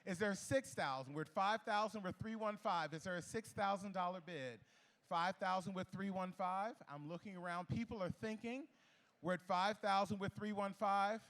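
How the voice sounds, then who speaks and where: Calling a charity gala auction in a ballroom, this man has a high-pitched, somewhat bright voice. His patter is quick and repetitive as he playfully teases the bidders.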